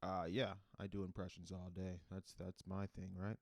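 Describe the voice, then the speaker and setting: A man hosting a solo comedy podcast, rambling in a deadpan, self-mocking way. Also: deep voice, moderate pace, dry recording.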